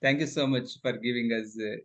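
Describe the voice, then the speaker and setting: A man hosting a video call interview, polite and halting with many uhs. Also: medium pitch, fairly even intonation, lo-fi sound. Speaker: host.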